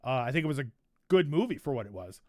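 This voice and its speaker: A man's voice: on the high side, very animated, fast talker, dark tone, dry recording, clean studio sound. A man streaming live, chatting casually and reacting to a trailer, rambling with frequent restarts. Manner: rambling, restarts, laughs often.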